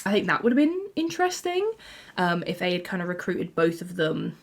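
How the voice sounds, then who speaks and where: A woman's voice: fairly low pitch, big pitch swings, brisk. A young woman in her twenties, rambling through casual TV fan commentary with frequent "like"s and laughs. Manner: rambling, lots of 'like', laughs often. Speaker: YouTuber.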